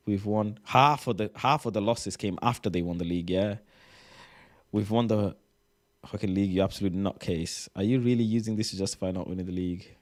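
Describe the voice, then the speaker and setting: Guy reacting to posts, fed up, swears a lot, lowish voice. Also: a little fast. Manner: exasperated, swearing, reading posts aloud. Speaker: reaction streamer. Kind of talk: casual reaction commentary.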